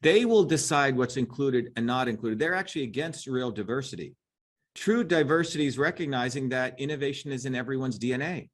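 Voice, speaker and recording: A man's voice: medium pitch, lively intonation, a little fast. A middle-aged man as an interview guest, talking emphatically and combatively, often tagging on "right?". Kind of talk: impassioned interview talk.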